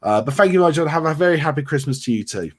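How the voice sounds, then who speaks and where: A man's voice: fairly high pitch, expressive, racing. A man from England hosting a casual livestream, reading out viewer comments and answering them in a friendly, chatty way with lots of ums. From England, grew up around Milton Keynes. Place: home in North Yorkshire.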